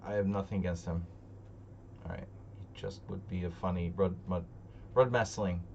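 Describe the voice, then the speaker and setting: Low-voiced man thinking aloud over a chess game. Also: steady tone, moderate pace, vocal fry, darkish tone, lo-fi sound, a little hiss or hum. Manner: joking, muttering to himself, thinking aloud. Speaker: chess streamer. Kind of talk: live commentary while playing online chess. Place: home streaming setup.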